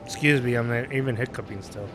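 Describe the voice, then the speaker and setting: A man's voice: medium pitch, fast talker. A man hosting a let's play, giving casual, rambling gameplay commentary. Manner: rambling, with fillers and emotional outbursts. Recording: game music behind voice.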